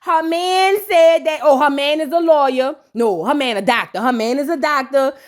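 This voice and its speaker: A woman giving a sassy, slangy comedic recap of a reality show. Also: high voice. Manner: sassy, slangy, rapid-fire mocking commentary. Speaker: reality TV reviewer.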